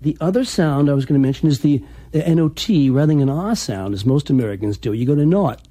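A man with a husky, mellow voice explains accents as a dialect coach. His pitch swings widely as he demonstrates sounds, often restarting and repeating words, and the recording is close and dry. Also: animated, quick pace, no echo. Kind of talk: interview.

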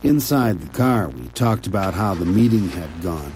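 A man narrating an audiobook story in a quiet, measured, intimate way. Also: low voice, animated, a little hiss or hum. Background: soft music.

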